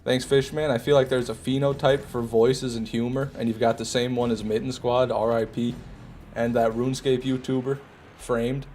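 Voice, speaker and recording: Michigan streamer bantering with chat. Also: male voice, mid-range voice, level tone, moderate pace, a little mellow, a little hiss or hum. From Michigan, USA. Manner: joking, mock-indignant banter with chat. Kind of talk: casual live-stream commentary.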